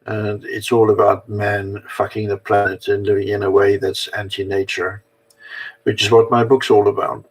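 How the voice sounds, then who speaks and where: A man's voice: on the low side, flat delivery, normal speed, rough recording. An older man talking casually to camera, self-mocking and chatty, drifting from one thought to the next. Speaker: vlogger. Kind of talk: rambling casual monologue.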